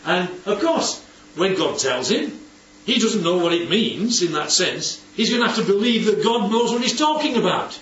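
Lively man leading Bible study. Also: high-pitched, normal speed, hardly any pauses. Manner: animated, asks for agreement often. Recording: roomy, distant, dull recording with faint background ambience.

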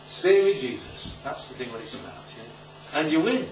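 A man's voice: on the high side, animated, normal speed, slight background noise. Roomy, distant male preacher. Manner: conversational, checks in with listeners often. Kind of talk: informal Bible talk. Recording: roomy, distant, dull recording.

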